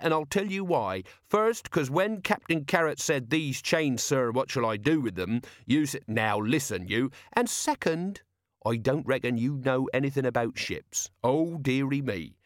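For a storybook reading, a man uses a voice pitched above his natural one to play a sly, cheeky sea captain who drawls in working-class speech. The mid-range voice is expressive at a moderate pace, still sounding natural, recorded with studio quality and no room sound.

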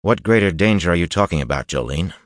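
A man's voice: sits low, expressive, fast, no room sound, clean studio sound. A man reading a wary young rogue man.

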